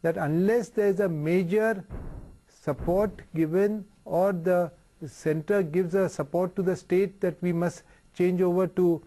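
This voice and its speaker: Company chairman on a studio link, high mellow voice, measured reasoning. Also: fairly even intonation. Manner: measured, reasoning aloud with fillers. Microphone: remote studio link.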